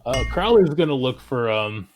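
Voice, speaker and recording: A man's voice: mid-range voice, big pitch swings, moderate pace, a little mellow. A man playing a tabletop game, explaining his character's plans in an easygoing, hesitant way. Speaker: player. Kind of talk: casual tabletop play. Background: faint battle music.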